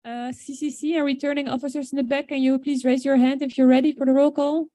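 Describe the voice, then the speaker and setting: A woman chairing a large meeting and calling the roll in a brisk, procedural way. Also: high-pitched, level tone, mellow, dry recording.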